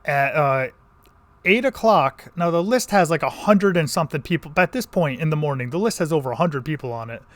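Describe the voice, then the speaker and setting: Guy from connecticut rambling thru a vlog story, kinda high voice, lots of like and restarts. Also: expressive, fairly quick, fairly bright tone, no echo. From Connecticut countryside. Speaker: vlogger.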